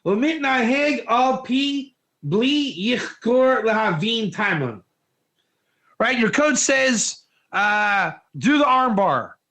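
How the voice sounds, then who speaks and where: A man giving an informal Torah class, energetic and joking, putting questions to his listeners in a classroom. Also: very high voice, normal speed. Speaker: Torah teacher.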